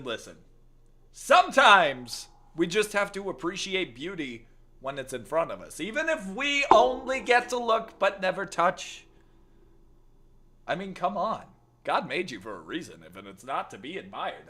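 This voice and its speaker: A man's voice: sits high, very animated, moderate pace, pushed and bright. A man streaming games, bantering with chat in a joking, teasing way and putting on a playful accent that keeps slipping. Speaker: gaming streamer. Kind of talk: casual live-stream chat.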